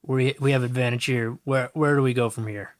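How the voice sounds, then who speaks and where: A man's voice: medium pitch, fairly even intonation, brisk. A young man playing a tabletop game, wry and laid-back. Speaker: player.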